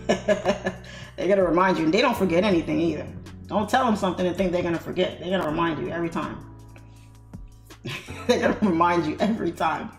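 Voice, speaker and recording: Woman host, giggly chatty storyteller, slangy, roomy sound with soft music behind. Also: on the low side, brisk, long pauses. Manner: laughing storyteller, loose slangy talk. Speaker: trading livestream host. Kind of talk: casual chat while trading.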